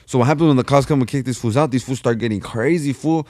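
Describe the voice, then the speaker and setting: A man talking on a podcast in a slangy, loose, profane way, and he keeps calling his listener "fool." His voice sits at an ordinary pitch. He is recorded dry and close to the mic, with no room sound. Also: fast, darkish tone, dry recording. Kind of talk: casual chat, storytelling.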